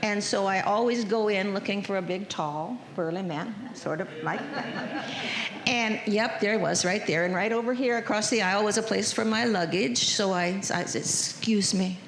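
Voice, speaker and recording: Older woman, folksy testimony, gravelly. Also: medium pitch, normal speed, crowd noise. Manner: chatty, folksy storyteller, emotional. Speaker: congregant sharing a testimony. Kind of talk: personal testimony story. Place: church sanctuary. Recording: echoey church hall with faint noise.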